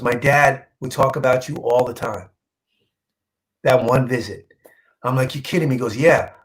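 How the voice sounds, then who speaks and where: A man who works as a comic book artist shares a story in an informal interview, with a mid-range voice captured on a rough recording. He's animated, acts out dialogue, and stumbles into repetition when touched.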